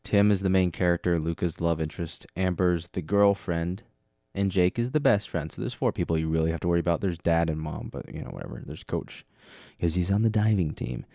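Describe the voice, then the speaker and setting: A man's voice: deep voice, a little fast, creaky, dark tone, no room sound, studio quality. A man hosting a podcast, talking alone in a rambling, self-mocking way and sounding tired. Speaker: podcast host. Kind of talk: casual solo monologue.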